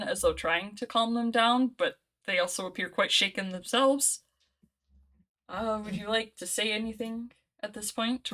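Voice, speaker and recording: A woman running a tabletop role-play game, describing scenes in a casual, chatty way. Her voice is bright and clear at an ordinary pitch. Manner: casual, laughing often. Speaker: game master.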